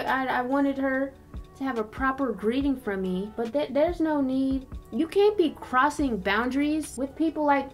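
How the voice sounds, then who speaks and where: A young woman chatting casually while she does her makeup, sassy and emphatic, full of slang. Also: a little high. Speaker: beauty vlogger. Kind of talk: casual chit-chat while doing makeup.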